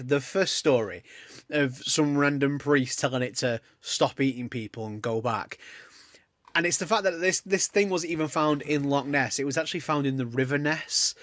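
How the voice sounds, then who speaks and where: A man's voice: on the high side, no echo, clean studio sound. A man hosting a casual podcast, rambling and joking as he tells stories. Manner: rambling, jokey, lively storytelling. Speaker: podcast host.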